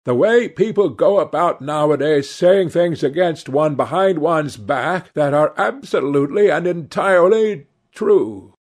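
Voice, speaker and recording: A man's voice: on the high side, unhurried, hardly any pauses, a little mellow, voice pushed up. A man doing a languid, cynical aristocrat. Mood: drawling. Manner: dry, drawling wit.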